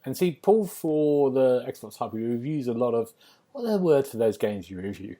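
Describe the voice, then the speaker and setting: A man's voice: medium pitch, sing-song, moderate pace, warm tone. A man hosting a podcast over a remote call, laughing often and asking a guest questions with many "um"s. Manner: friendly interviewer, laughs often, asks questions with fillers. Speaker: podcast host. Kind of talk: casual podcast chat.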